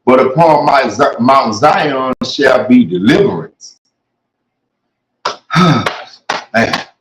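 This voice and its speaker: A man giving casual street-style Bible teaching, reading verses and riffing on them in loose, slangy talk. His voice sits in a middle range and carries a noticeable echo from the room. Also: medium pitch. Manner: slangy, conversational, reads scripture aloud then riffs on it. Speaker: preacher. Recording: echoey room.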